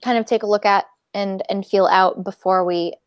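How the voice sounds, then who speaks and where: A woman's voice: medium pitch, fairly even intonation, normal speed, no room sound, highs cut off. Hesitant woman podcaster, dry close sound. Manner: hesitant, many ums, dry jokes. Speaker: podcast co-host. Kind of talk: casual comedic chat.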